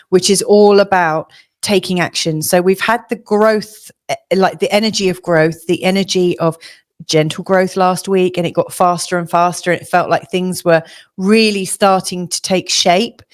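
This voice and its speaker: A woman astrologer giving a casual weekly forecast, chatty and hesitant, with a slightly hoarse voice. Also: on the low side. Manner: chatty, hesitant with many fillers and restarts. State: slightly hoarse, losing her voice.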